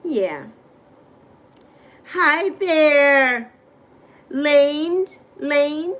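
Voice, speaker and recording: High-voiced woman chatting on a livestream. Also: measured pace, a bit bright. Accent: New York. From Bronx, New York, raised on Saint Croix. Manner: chatty, rambling, answers viewers by name. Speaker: livestream host. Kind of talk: casual livestream chat reading comments.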